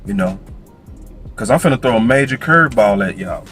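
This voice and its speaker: A male sports commentator with a lively voice that swings up and down in pitch. He sounds playful and animated, at a mid pitch. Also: fairly quick, faint music behind. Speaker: sports show host.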